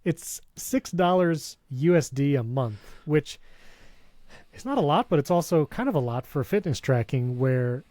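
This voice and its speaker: Warm, dry-sounding male podcast host. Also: on the high side, expressive, no room sound. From Hispanic background. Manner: enthusiastic, reads sponsor spots with quick asides. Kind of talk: casual tech podcast chat.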